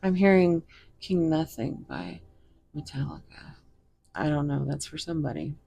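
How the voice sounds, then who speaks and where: A woman's voice: low voice, very animated, moderate pace, vocal fry, mellow, a little hiss or hum. A woman giving a casual tarot reading to viewers, rambling and giggling as she talks to them directly. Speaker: tarot reader.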